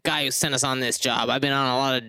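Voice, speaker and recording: A man at a tabletop game acting as a swaggering gang boss. He speaks in a gruff, self-assured way at a middle pitch. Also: fairly even intonation, fast talker, over a noisy crowd. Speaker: player. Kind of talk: tabletop role-play.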